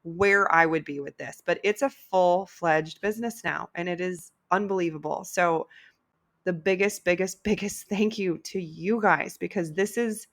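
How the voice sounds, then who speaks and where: A middle-aged woman hosts a solo podcast in a casual, candid way, dropping the odd swear word. She talks with heartfelt emotion. Her voice sits on the low side for a woman. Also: unhurried. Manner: candid, swears freely, gets choked up and emotional. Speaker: podcast host.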